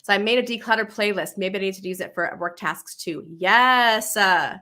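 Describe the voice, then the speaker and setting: A woman's voice: mid-range voice, moderate pace, sharp tone. A woman host talking casually and upbeat, often adding "right?" and restarting her sentences while she answers comments. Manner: chatty, upbeat, with many "right?" tags and restarts. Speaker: podcast host. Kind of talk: casual solo talk reading live comments.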